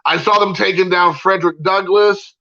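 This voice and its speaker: Man, fairly high-pitched, gravelly, heated casual rant, lots of fillers, dull lo-fi sound. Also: fairly even intonation, moderate pace, pushed and bright. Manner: heated, repetitive, many fillers. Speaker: card collector vlogger.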